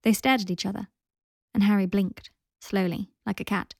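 A woman reads a story aloud with a gravelly, creaky edge to her voice. The recording is dry and close, with no room sound. Her delivery is gentle and even. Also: medium pitch, moderate pace, no room sound. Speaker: podcast host and reader. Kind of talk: storybook reading.

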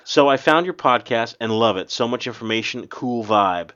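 A man's voice: mid-range voice, lively intonation, normal speed, fairly bright tone, clean tone, no echo, muffled recording. Chatty man reading listener mail. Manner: chatty, laughs often. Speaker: podcast host.

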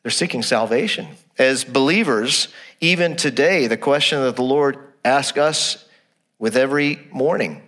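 A male pastor preaching a sermon to his congregation, animated, asking rhetorical questions and repeating his phrases, dropping to a quiet low voice for emphasis. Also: moderate pace.

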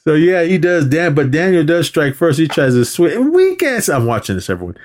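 A man's voice: a little high, lively intonation, fairly quick, a little mellow, slight background noise. A man co-hosting a podcast, casually retelling a film scene by scene, swearing freely and acting out the quotes. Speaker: podcast co-host. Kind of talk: casual movie recap chat.

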